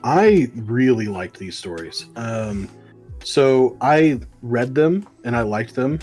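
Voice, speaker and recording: A man's voice: medium pitch, lively intonation, slow pace, a little mellow, faint music behind. A man co-hosting a comic book podcast, retelling a story in a rambling, casual way with many ums and likes. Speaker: podcast co-host.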